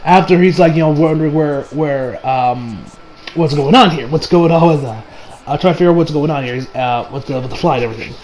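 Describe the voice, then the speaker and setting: A man with a high-pitched voice recaps an anime episode in loose, casual talk. He rambles, restarts his sentences and leans on fillers as he goes. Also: brisk, a little mellow, a little hiss or hum, low-quality recording. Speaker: anime reviewer.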